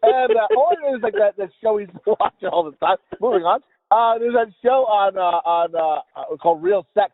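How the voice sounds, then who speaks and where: A man's voice: high-pitched, very animated, fairly quick, few pauses. A man co-hosting a podcast, rambling through crude jokes and laughing often. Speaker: podcast co-host. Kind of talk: crude casual banter. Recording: tinny phone-like sound.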